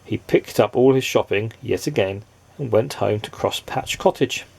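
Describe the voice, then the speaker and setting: A man reading a children's storybook aloud in a playful, expressive way, asking the listener questions. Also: lowish voice, moderate pace, vocal fry, breathy edge.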